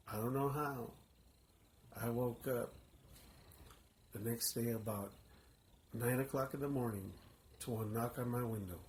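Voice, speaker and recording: A man's voice: medium pitch, darkish tone, a little hiss or hum. A man, a pastor, telling his personal testimony in an earnest, emotional storytelling manner.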